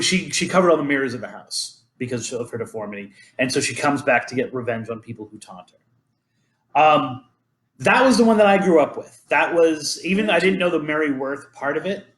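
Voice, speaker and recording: A man's voice: on the high side, normal speed, a bit bright. A man hosting a podcast, chatting casually and rambling through legends with many ums and restarts. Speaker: podcast host. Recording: roomy echo.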